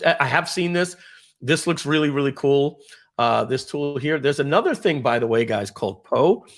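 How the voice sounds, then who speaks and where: New york guy running a live demo on a video call, bit of gravel in his voice, chatty, thinks out loud. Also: on the high side. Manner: chatty, thinks aloud, grows excited over tools. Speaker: webinar host.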